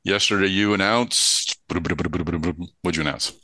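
A man's voice: sits low, slow pace, bright, forceful tone, no room sound. A tired man with a Boston accent hosting a podcast, talking in a loose, chatty way with lots of filler uhs. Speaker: podcast host. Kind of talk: casual podcast intro and interview.

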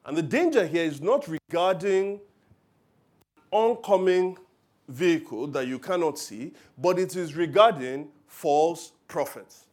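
A man preaching a sermon, telling stories with loud emphatic bursts and quiet asides. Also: on the high side, expressive, unhurried. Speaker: pastor.

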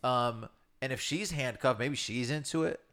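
A man's voice: medium pitch, normal speed, pushed and bright. A young man co-hosting a podcast, laid-back in casual crude banter. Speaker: podcast co-host.

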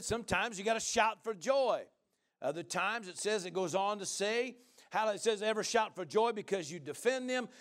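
A middle-aged male pastor preaching a sermon, moving from quiet talk into shouted praise. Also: high-pitched.

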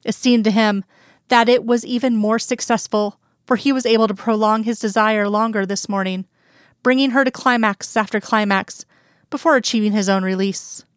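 A woman narrating a romance story aloud in a calm, even storytelling manner. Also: a little high, moderate pace, clear, resonant tone, no echo, studio quality. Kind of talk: reading romantic fan fiction aloud.

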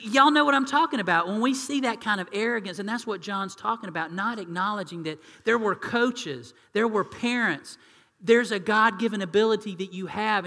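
A man preaching a sermon, animated and acting out quoted voices in hushed tones. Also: sits high, in a large hall. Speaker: pastor.

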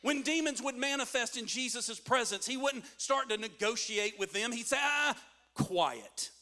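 A man's voice: very high-pitched, normal speed, sharp tone. A man preaching a sermon as a pastor, reading scripture and building in intensity with call-and-response.

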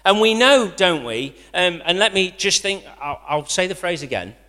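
A man preaching a sermon, lively, rising to loud quotations and dropping to quiet asides. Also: sits high, normal speed. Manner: animated, rising to near-shouts when quoting, dropping to quiet asides. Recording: long hall reverb.

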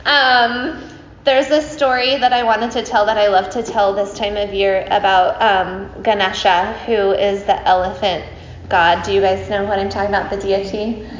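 A woman's voice: medium pitch, steady tone, moderate pace. A woman teacher telling a story to a group in a chatty, playful way, with many fillers and asides to her listeners. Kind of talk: casual spoken storytelling. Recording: roomy, slightly dull recording with faint hiss.

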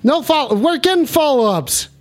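A man hosting a call-in stream, talking in loud casual banter, cursing and repeating catchphrases. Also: very high-pitched, animated, normal speed. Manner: hyped, repeats catchphrases, curses, shouts. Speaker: streamer taking calls.

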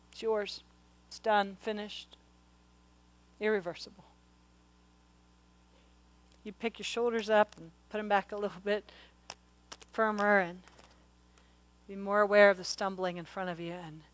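A middle-aged woman preaching a sermon, her questions swelling into loud, urgent exhortation. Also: mid-range voice, low-quality recording. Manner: passionate, rising to loud exhortation.

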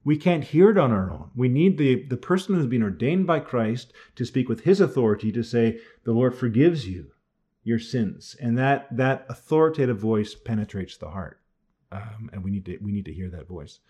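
A man's voice: mid-range voice, animated, fairly quick, dark tone. A man teaching a class on church doctrine in a conversational way, thinking aloud and often restarting his sentences.

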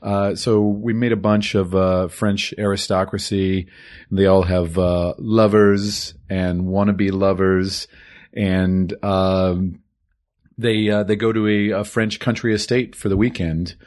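Deep-voiced podcast guy walking through a movie plot, calm and explainy. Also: takes it slowly. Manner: explanatory, steady summarizing. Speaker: podcast co-host. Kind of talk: casual film discussion.

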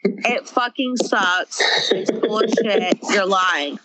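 A woman's voice: mid-range voice, slow, very noisy. A woman delivering a profane stand-up roast on a podcast, full of brash, crude insult jokes.

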